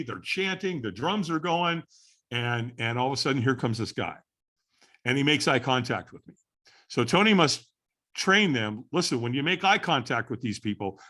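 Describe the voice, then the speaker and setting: A middle-aged man, a podcast guest, tells a story with animated repetition. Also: medium pitch. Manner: animated storyteller who repeats phrases for effect. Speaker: podcast guest, firewalking instructor.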